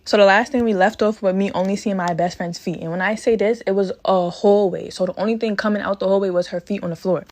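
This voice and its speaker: A woman's voice: medium pitch, steady tone, quick pace, few pauses, a little mellow. A young woman telling a dramatic storytime in casual slang, acting out the quotes.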